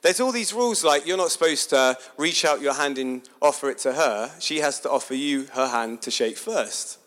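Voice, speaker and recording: A man's voice: a little high, normal speed. A man giving a chatty, sermon-style talk, asking his listeners questions as he builds a story. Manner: animated, chatty, asks the audience questions.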